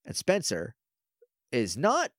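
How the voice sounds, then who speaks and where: A man co-hosting a podcast, chatting casually about a show, laughing often and mimicking characters in quick asides. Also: medium pitch, wildly swooping pitch, no echo, studio quality. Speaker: podcast co-host. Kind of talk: casual chat recapping a show.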